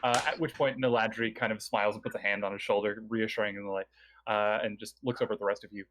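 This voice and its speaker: A man running a tabletop game as game master, chatty and relaxed. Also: fairly low pitch, fast talker.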